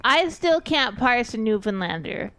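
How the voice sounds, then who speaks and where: A woman's voice: a little high, animated, a little slow, sharp tone. A woman from East Texas, chatting casually as a streamer and thinking aloud in a rambling way.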